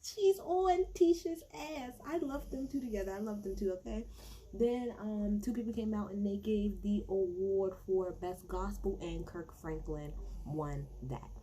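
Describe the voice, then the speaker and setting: A woman at a middle pitch talks casually to her viewers as she recaps an awards show. She gushes, swears freely and talks fast in spurts. A steady electrical hum sits clearly under her voice. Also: low-quality recording. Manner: animated, gushing, profane, talks straight to viewers. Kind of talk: casual live recap chat.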